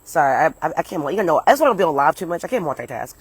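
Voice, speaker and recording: A young US comedian livestreams from home, partly outdoors, with her phone at arm's length, racing through a rambling tale in a low, husky, very animated voice. She swears freely and keeps breaking off to chat with viewers. The recording is dry and low quality.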